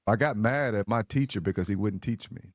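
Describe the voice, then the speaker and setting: A man's voice: lowish voice, brisk, dry recording, clean studio sound. Affirming man hosting an interview. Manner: reflective, affirming, laughs between points. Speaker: podcast host. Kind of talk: interview talk.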